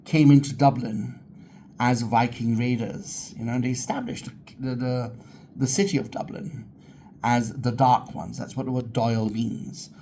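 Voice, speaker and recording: A man's voice: mid-range voice, steady tone, unhurried, mellow, slight background noise. A man hosting his own channel, talking casually and enthusiastically about history and his heritage, rambling with frequent restarts. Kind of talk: casual talk to camera.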